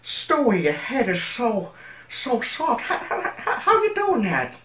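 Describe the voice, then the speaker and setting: A man voicing a giddy cartoon baby boy with a breathy, gushing delivery. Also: extremely high pitch, wildly swooping pitch, unhurried, a bit bright, echoey room, distant mic, pitched above the performer's own voice, heavily acted.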